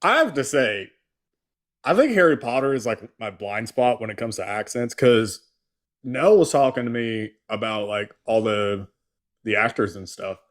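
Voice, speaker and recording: A man's voice: mid-range voice, animated, normal speed. A man hosting a casual call-in live stream, telling rambling stories full of fillers. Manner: rambling storyteller, many fillers. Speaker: host.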